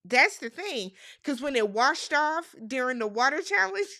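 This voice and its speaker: Bright, chatty woman recapping TV. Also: high voice, a little slow, hardly any pauses, dry recording, studio quality. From United States. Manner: chatty, animated, slangy, mimics cast members' lines. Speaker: recap vlogger. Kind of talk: casual TV recap commentary.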